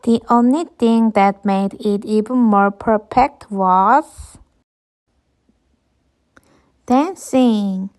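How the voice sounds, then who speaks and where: A woman, a teacher reading an English picture book aloud to children, slowly and clearly. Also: medium pitch. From Korea. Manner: slow, clear and expressive.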